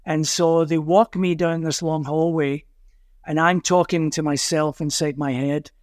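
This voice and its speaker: An older man with a Glasgow Scottish accent, a musician guest telling anecdotes in an animated way and acting out the voices of the people in them. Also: fairly high pitch, unhurried, no room sound, studio quality. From Scotland. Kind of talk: animated storytelling.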